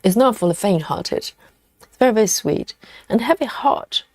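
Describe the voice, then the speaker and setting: A woman's voice: mid-range voice, lively intonation, normal speed, darkish tone, no room sound, clean studio sound. A woman hosting a casual live stream, chatting and reading viewer comments aloud as she goes.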